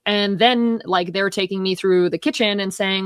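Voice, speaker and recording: A woman's voice: medium pitch, steady tone, moderate pace, few pauses, clear, resonant tone, no echo, clean studio sound. A woman co-hosting a film talk show, venting in a rambling, heated way with lots of swearing. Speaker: podcast co-host. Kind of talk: casual film discussion.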